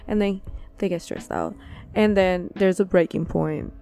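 A woman's voice: medium pitch, normal speed, dark tone, clear, resonant tone, soft background music. A woman co-hosting a podcast, chatting casually, with short reactions and teasing questions. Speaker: podcast co-host.

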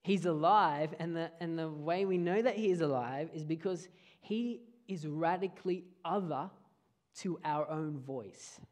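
A man preaching a sermon, earnest, often dropping his voice low for emphasis. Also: a little slow.

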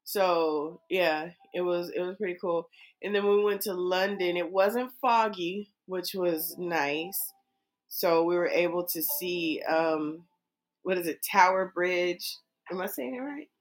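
A woman's voice: fairly low pitch, unhurried. Chatty laughing American woman. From United States. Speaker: co-host answering a chat. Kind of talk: casual chat. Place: home, on the East Coast.

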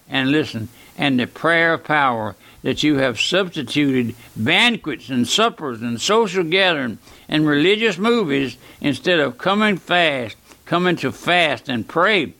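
A man's voice: fairly high pitch, vocal fry, bright, forceful tone. An older man preaching a fervent radio sermon, pleading with his listeners through repeated rhetorical questions.

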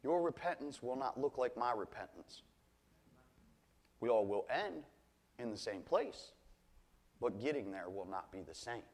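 A man preaching a sermon in an earnest way, often repeating words as he restarts phrases and slowing right down to stress key points. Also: medium pitch, expressive.

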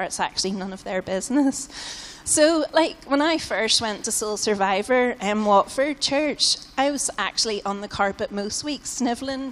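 A British woman preaching a sermon in a casual, conversational way, often saying "like" and "you know". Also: on the high side. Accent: British English. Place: church hall. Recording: long hall reverb in a church.

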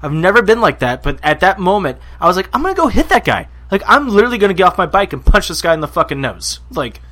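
A man's voice: sits high, quick pace. A man co-hosting a casual podcast, telling stories and acting out the quotes. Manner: animated storyteller, acts out quotes loudly. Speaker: podcast co-host. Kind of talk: casual chat.

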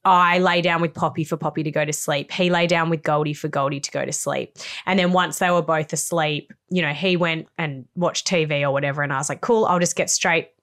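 A woman in her thirties, co-hosting a casual podcast chat and telling a story with animated, acted-out quotes. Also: sits low, a little fast. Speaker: podcast co-host.

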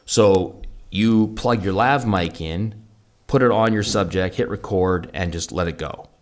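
A man's voice: low-pitched, a little slow. A man co-hosting a podcast, chatting casually and enthusiastically about audio gear, with lots of restarts. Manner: rambling, restarts often, enthusiastic about gadgets. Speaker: podcast co-host. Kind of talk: casual gear review chat.

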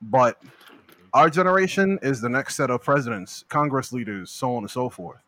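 A man's voice: medium pitch, normal speed. Young guy hosting a chill podcast, voice jumps all over, jokey. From United States. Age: young adult. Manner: animated, laughing banter. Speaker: podcast host. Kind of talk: casual chat.

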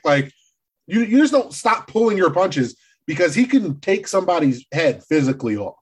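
Excitable husky-voiced man. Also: on the high side, moderate pace. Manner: excitable, profane, animated. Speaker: podcast co-host. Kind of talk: casual movie discussion.

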